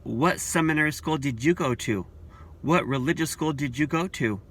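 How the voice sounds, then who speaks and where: A man voicing a defiant male churchgoer who protests being disciplined, in a whiny, high voice. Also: normal speed, fairly bright tone. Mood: indignant.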